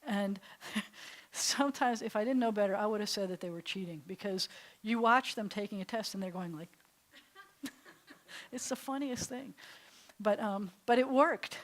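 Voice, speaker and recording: A middle-aged woman from New York, a rabbi teaching a Hebrew class in a chatty, animated way with frequent laughs. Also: medium pitch, moderate pace. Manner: chatty and animated, often laughing between points.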